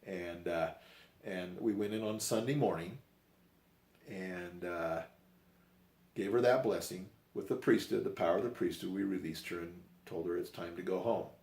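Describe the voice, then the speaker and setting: Deep gravelly older man telling stories. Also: normal speed, darkish tone, roomy sound. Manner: rambling, folksy, with restarts and acted-out quotes. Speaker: storyteller. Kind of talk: personal storytelling.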